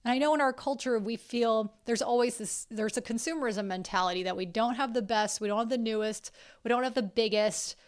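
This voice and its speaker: A woman's voice: a little high, a little fast, clean tone. A woman hosting a podcast, talking in a casual, heartfelt and emotional way, with the odd curse word. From South Carolina. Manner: earnest and emotional, swears casually. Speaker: podcast host.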